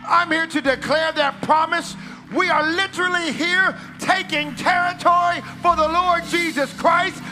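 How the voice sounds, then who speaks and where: A man's voice: very high voice, fairly even intonation, measured pace, bright, forceful tone, soft background music. A male preacher delivering a revival sermon in church, calling out and repeating phrases. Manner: calls out, repeats phrases, drops to casual aside. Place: church service with band.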